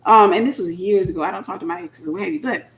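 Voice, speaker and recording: A middle-aged woman with a fairly low voice talks fast, preaching informally to single women in a blunt, sassy style and acting out the voices of people she quotes. She is a minister, and there's slight background noise.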